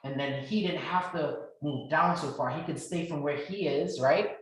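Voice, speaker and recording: A man giving a workshop talk, telling a personal story in a lively, animated way and acting out the dialogue. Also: moderate pace. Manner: animated, acts out quoted dialogue with rising pitch and loudness. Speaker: workshop speaker. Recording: roomy echo.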